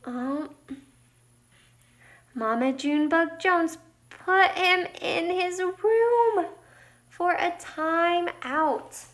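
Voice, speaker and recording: A woman teacher reading a picture book aloud at storytime, expressive and talking to the listening children. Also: very high voice, drawn-out words, long pauses.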